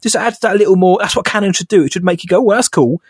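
A man's voice: sits high, fast talker, breathy edge, no room sound, clean studio sound. A man co-hosting a podcast in casual chat, an enthusiastic fan who laughs often. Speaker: podcast co-host.

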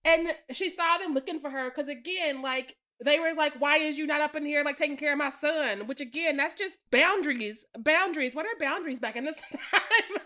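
A woman's voice: sits high, normal speed, hardly any pauses. A woman co-hosting a podcast, chatting casually about a film, laughing often and quoting her own reactions. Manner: laughs often, relaxed storytelling with quoted reactions. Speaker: podcast co-host. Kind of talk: casual chat reviewing a film.

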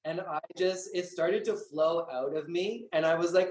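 A man's voice: on the high side, moderate pace, hardly any pauses, darkish tone. A man, a drag queen guest, talking candidly and dramatically in an interview, full of swearing and acted-out quotes. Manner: profane, dramatic, acts out his own lines. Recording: roomy echo.

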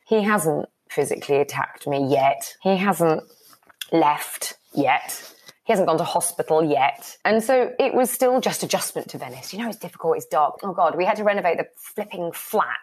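A woman in her forties talks as an interview guest with a slightly low voice. She speaks candidly and expressively, swearing now and then and acting out remembered exchanges. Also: moderate pace, husky. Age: 40s. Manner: frank, expressive, swears, acts out quoted dialogue.

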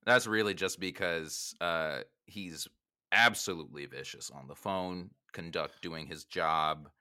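Man with a low, bright voice. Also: measured pace, clear, resonant tone. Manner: joking, swears freely, laughs often. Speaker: podcast co-host. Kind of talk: casual film discussion.

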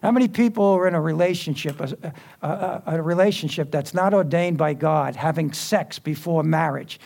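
A man's voice: fairly high pitch, normal speed, gravelly, darkish tone. A man preaching a sermon in a church, talking conversationally with quips and asides to the congregation.

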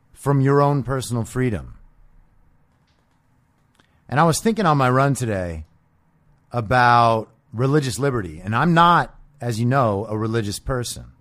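A man's voice: mid-range voice, a bit bright. A man hosting a podcast, delivering a combative, sarcastic political monologue peppered with profanity. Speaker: podcast host.

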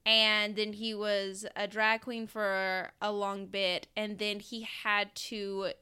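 A woman's voice: mid-range voice, level tone, slow, sharp tone, clear, resonant tone. A young woman from the American South co-hosting a podcast in casual chat, laughing often and restarting her sentences. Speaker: podcast co-host.

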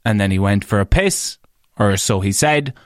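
A man with an Irish accent, a podcast and radio host, tells stories in a casual monologue. He swears freely and jumps up in pitch when he stresses a point. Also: moderate pace, no room sound, clean studio sound. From Ireland. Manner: animated, swears freely, leaps up in pitch for emphasis.

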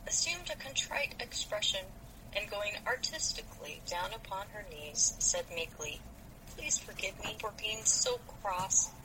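A woman's voice: medium pitch, background noise. A woman reading a classic novel aloud with expression and then discussing it on a podcast. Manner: expressive reading, thoughtful comments.

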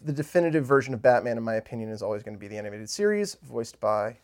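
A man's voice: medium pitch, lively intonation, rapid-fire, darkish tone. A man co-hosting a podcast in casual chat, explaining earnestly with many fillers. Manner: earnest, informative, filler-heavy. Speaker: podcast co-host.

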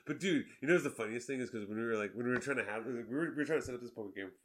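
A man's voice: mid-range voice, very fast. A young man in casual chat with friends, laughing often as he tells a story and acts out what people said. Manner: laughs often, lively storytelling with quoted voices.

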